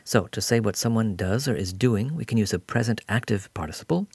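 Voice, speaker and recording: A man's voice: on the low side, animated, fairly quick, a little mellow, breathy edge, no echo. A man giving a patient, explanatory recorded grammar lesson as a language teacher.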